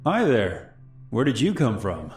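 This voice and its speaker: A man voicing a creepy young man in his twenties who poses as a park ranger and talks in a smooth, falsely friendly way, in an animated horror story. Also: mid-range voice, a little slow, roomy sound, faint music behind, pitched above the performer's own voice.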